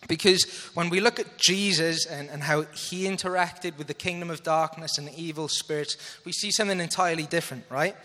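Male preacher, earnest and bright, slightly high voice, hall reverb. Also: a little fast, few pauses. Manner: earnest, asks audience to follow along. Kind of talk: sermon.

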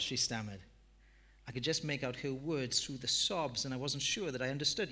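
Male pastor, mid-pitched, self-deprecating sermon storyteller. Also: a little fast, sharp tone.

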